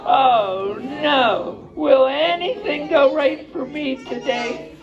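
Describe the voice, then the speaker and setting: A man's voice: fairly high pitch, lively intonation, normal speed, some chatter behind, close to an everyday voice. A man voicing a small, earnest bear cub who wails a sing-song refrain, in a muffled recording. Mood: woeful. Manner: whiny sing-song refrain, then chatty.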